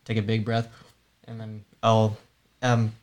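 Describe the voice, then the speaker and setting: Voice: mid-range voice, completely flat delivery, a little slow, darkish tone. A player in a tabletop game, talking hesitantly with many fillers.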